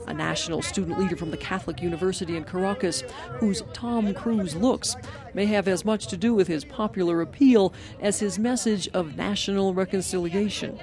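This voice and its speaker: Woman reading a radio news report. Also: mid-range voice. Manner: measured, even reporting delivery. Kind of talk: scripted news narration.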